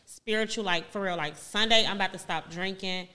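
A woman's voice: mid-range voice, brisk, a crowd in the background. A young woman hosting a podcast, chatting in a candid, rambling way with many fillers. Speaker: podcast host. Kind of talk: casual podcast chat.

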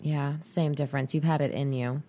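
A podcast co-host with a low-sitting, warm voice speaks briskly in a steady tone. In casual chat she's easygoing and agreeable, often chiming in with short replies.

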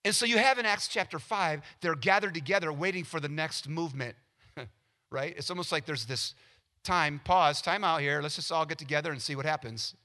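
A man preaching a sermon with a bright, cutting voice pitched a bit high. He is animated and acts out everyday scenes with quick quoted voices. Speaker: pastor.

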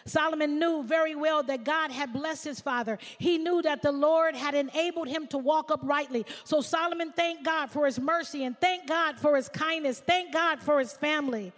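A woman pastor preaching a sermon, swinging from shouts to hushed asides. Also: sits high, moderate pace, hardly any pauses, in a large hall.

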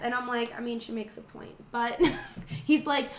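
A woman's voice: fairly high pitch, normal speed, reverberant. A woman recapping a movie in casual chat, laughing often and acting out the characters' lines. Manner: laughing, animated, acts out lines and sings snatches.

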